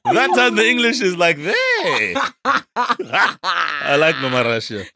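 A man's voice: sits high, wildly swooping pitch, takes it slowly, gravelly, a crowd in the background. A man hosting morning radio, playful and teasing with the callers and co-hosts. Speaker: radio host. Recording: radio studio with music behind.

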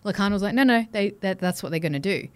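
Woman, 30s, podcast co-host; animated storyteller. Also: mid-range voice, quick pace, clean tone. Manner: animated storyteller, acts out quotes, swears. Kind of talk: casual chat.

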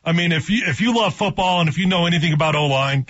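Enthusiastic husky sports radio host. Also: male voice, fairly high pitch, quick pace, a bit bright, no echo. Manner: enthusiastic, joking. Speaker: radio show co-host, former player. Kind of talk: casual sports radio chat. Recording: dull lo-fi radio sound.

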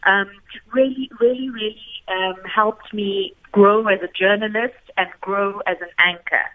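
With a mid-range voice, fairly even intonation and a slightly slow delivery, a South African woman who once co-hosted radio shares warm stories in a tribute conversation. She speaks South African English and performs the quotes she relates, over a tinny, dry phone line.

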